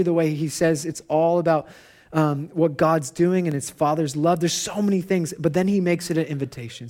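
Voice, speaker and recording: A man in his thirties, a pastor, giving a conversational sermon and telling personal stories in an animated way. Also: a little high.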